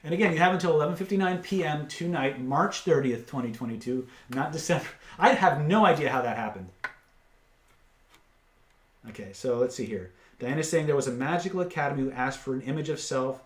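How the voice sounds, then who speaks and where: Pitching course packages on a live webinar, this host and seller announces prices and handles questions from the chat, tossing in blunt remarks. He speaks a little fast, and there's reverb in the space.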